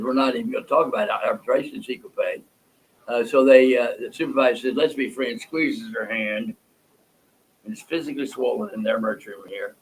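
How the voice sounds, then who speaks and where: A man's voice: medium pitch, fairly bright tone, husky, rough recording. An older man, a physician hosting a livestream Q&A, talking bluntly and profanely in long rants. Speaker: physician host. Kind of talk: livestream Q&A talk.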